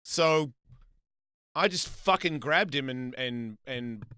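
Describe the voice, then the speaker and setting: Bright-voiced man telling a profane story. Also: medium pitch, slow pace, smooth, no echo. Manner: profane, animated storytelling with acted quotes. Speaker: host. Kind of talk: casual storytelling chat.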